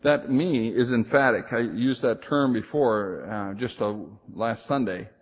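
Husky preaching man in a reverberant hall. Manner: emphatic preaching, rising loud on key phrases, drops low to slow down. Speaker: pastor. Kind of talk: sermon.

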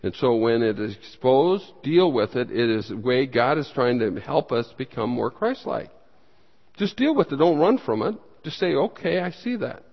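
A pastor teaches a Bible study with emphatic bursts, his voice swinging widely in pitch at a normal speed. He poses questions to the room and answers them himself, suddenly rising in pitch and loudness. The sound is dull, with a long hall reverb.

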